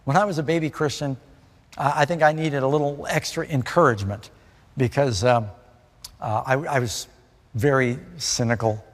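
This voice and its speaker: A man's voice: medium pitch, steady tone, moderate pace, long reverb tail. A man from New York City preaching a conversational sermon, often putting questions to his listeners.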